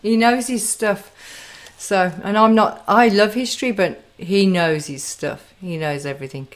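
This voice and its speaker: A woman's voice: mid-range voice, measured pace. A woman hosting an interview, chatting casually and affirming her guest. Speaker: host.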